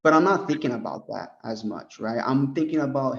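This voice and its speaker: A young American man training insurance agents, animated and full of "right?" as he role-plays his pitch. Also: brisk, gravelly. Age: young adult. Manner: animated, peppers talk with "right?" and "bro". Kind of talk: sales coaching talk with role-played pitch. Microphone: group call. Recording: dull lo-fi call audio.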